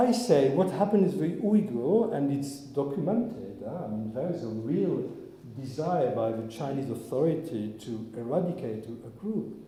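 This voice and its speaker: Rabbi, male, earnest reflective sermon, mellow dark tone, reverberant hall. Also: mid-range voice, lively intonation, moderate pace, a little hiss or hum. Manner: earnest, searching, with frequent restarts. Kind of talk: informal sermon talk with the congregation. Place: synagogue hall. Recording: echoey hall, long reverb.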